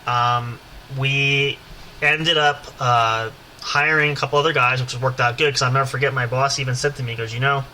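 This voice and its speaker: At normal speed, a man with a sharp, steady, medium-pitched voice hosts a podcast and tells a lengthy anecdote casually, wandering into asides and fillers. Slight background noise accompanies the poor-quality audio.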